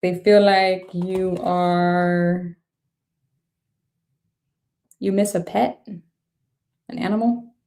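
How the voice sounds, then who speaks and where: Woman tarot reader, low mellow voice, chatty and reactive. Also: flat delivery, extremely slow, pauses often. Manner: thinks aloud, laughs often, frank reactions. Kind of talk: casual tarot reading.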